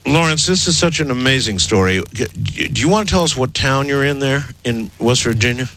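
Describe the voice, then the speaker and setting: A man's voice: medium pitch, animated, fairly quick, a bit bright, low-quality recording. A man hosting a radio call-in show, probing with questions and stumbling as he repeats them. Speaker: radio talk show host.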